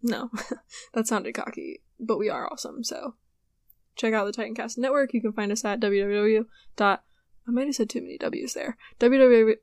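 A woman's voice: fairly high pitch, normal speed, a little mellow, dry recording, clean studio sound. A sleepy young woman hosting a podcast, chatting casually and rambling about her day. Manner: chatty, rambling, yawning and apologizing. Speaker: podcast host. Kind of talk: casual solo podcast chat.

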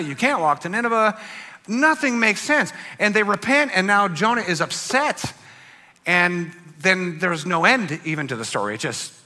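A man preaching a sermon, telling a story dramatically and swinging between loud bursts and hushed lines. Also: sits high. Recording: long hall reverb with faint music.

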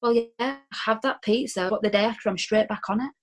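Chatty Yorkshire woman guest, self-deprecating, pitched a bit high. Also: quick pace. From Halifax, England. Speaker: podcast guest. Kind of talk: casual chat.

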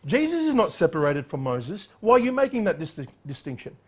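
A man preaching an expository sermon, emphatic and animated, acting out the voices in the passage he reads. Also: high voice, brisk, slightly rough. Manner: emphatic, acts out quoted voices.

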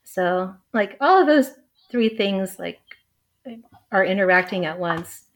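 A woman's voice: mid-range voice, expressive, takes it slowly, muffled recording. A young adult woman, a guest on a podcast, talking casually and hesitantly, full of fillers and laughs. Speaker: astrologer guest. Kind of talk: casual chat.

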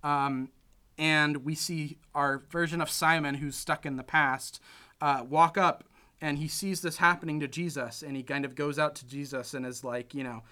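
A man's voice: a little high, steady tone, normal speed, bright, forceful tone. A young man casually recapping a film plot, rambling with lots of "like" and "you know" and acting out the characters' lines. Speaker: podcast co-host recapping a film. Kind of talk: casual chat.

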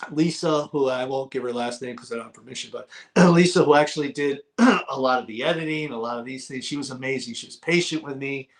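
A middle-aged man guesting on an interview show, talking in a casual, lively storytelling way. His voice sits at an everyday middle pitch, and he often repeats a word to drive it home. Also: fairly quick. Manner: animated storyteller, repeats words for emphasis. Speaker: guest author.

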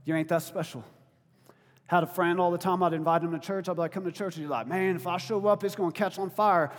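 High-voiced man preaching in a hall. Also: quick pace. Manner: conversational preaching that swings between quiet and loud. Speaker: pastor. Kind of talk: sermon.

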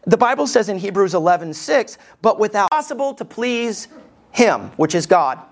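Male pastor preaching, chatty and sarcastic, keeps asking the room if they follow him. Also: high voice. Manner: conversational, joking, checks in with the congregation. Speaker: lead pastor. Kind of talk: sermon.

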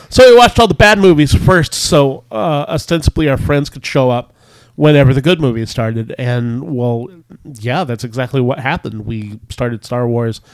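A man's voice: mid-range voice, dry recording. A worn-out man hosts a loose group conversation, wandering through his explanation with plenty of hesitations. The sound is dry and close, with no room around it. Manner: rambling, filler-heavy explanations. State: tired from staying up. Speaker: podcast host. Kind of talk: casual group chat.

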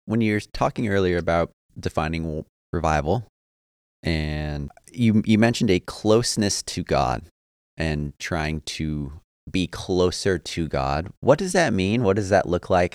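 Low-voiced male podcast host. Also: measured pace, no room sound, clean studio sound. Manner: asks questions in a calm, conversational way. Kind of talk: casual podcast conversation.

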